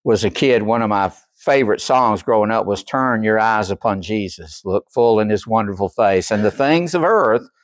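A man preaching a sermon, acting out quoted voices and dropping from loud to near whisper. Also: lowish voice, animated, normal speed, few pauses, no room sound. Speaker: pastor.

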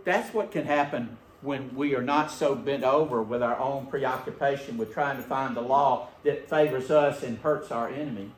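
Male pastor, animated folksy storyteller, mid-pitched, reverberant church sound. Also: normal speed, few pauses. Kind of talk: sermon. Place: church sanctuary.

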